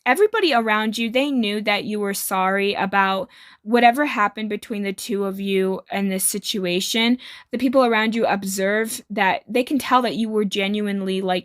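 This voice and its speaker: A woman's voice: medium pitch, no echo, clean studio sound. A woman giving a tarot reading to her viewers, reassuring and rambling, with many fillers. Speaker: tarot reader.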